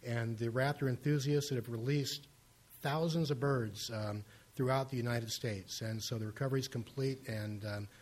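An older male scientist gives quick, businesslike testimony at a public hearing. He talks in short bursts scattered with ums and uhs, keeping his remarks brief. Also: mid-range voice, fairly even intonation, a little mellow. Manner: brisk, with many fillers. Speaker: university raptor researcher.

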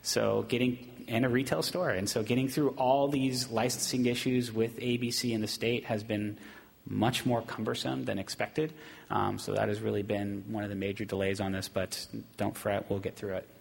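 A man on city staff giving a steady, fairly monotone report at a public meeting, with frequent ums. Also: fairly low pitch, normal speed, creaky, husky. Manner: steady, self-described monotone, many ums. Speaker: city staff presenting to council. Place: city council chamber. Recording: long hall reverb in council chamber.

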